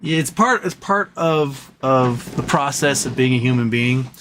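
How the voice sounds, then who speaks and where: A man's voice: medium pitch, expressive, a little slow, fairly bright tone, a little hiss or hum. A man hosting a livestream from his home office, venting in frustration with swearing and frequent stumbling restarts. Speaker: livestream host.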